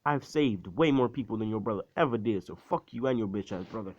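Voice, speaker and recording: Man playing a cocky teen boy hero, crude, defiant, low voice, dry dead sound. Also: animated, a little fast, darkish tone, dry recording. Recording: dull, dry lo-fi recording.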